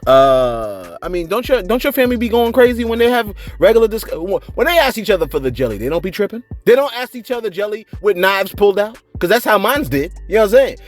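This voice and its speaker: Lively, joking man hosting celebrity gossip. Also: fast, few pauses, faint music behind. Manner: loud, joking, acts out voices with big swings in pitch. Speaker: celebrity gossip show host. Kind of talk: animated commentary to camera.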